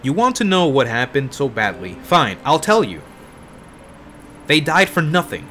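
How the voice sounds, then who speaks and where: Man reading a grieving older woman in a game, tired husky voice, somber and slow. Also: medium pitch, fairly bright tone. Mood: bitter. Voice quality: tired, husky put-on old lady voice. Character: weary older woman, grieving former cult member.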